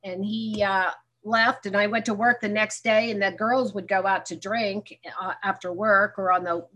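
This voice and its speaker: A woman's voice: medium pitch, steady tone, normal speed, sharp tone. A woman speaking at a recovery meeting, telling her own story frankly and acting out remembered dialogue with self-mocking humor. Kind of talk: candid personal testimony.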